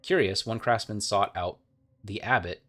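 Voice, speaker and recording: A man's voice: fairly low pitch, moderate pace, sharp tone. A man playing a video game, reading its lore aloud with casual asides and frequent stumbles and self-corrections. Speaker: let's play gamer.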